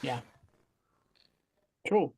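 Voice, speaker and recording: A man's voice: extremely slow, darkish tone. A man co-hosting a casual stream, full of joking, playful banter.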